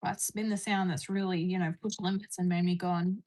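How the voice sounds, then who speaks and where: A woman's voice: lowish voice, steady tone, a little fast, darkish tone. A young adult Australian woman from Queensland chatting casually on a livestream, laughing often and talking to her pet bird. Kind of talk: casual livestream chat reading comments.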